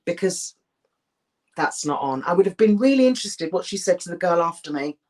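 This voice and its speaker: A middle-aged woman, an actress, talking candidly in an interview, emphatic and animated, with frequent restarts. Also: fairly low pitch, brisk.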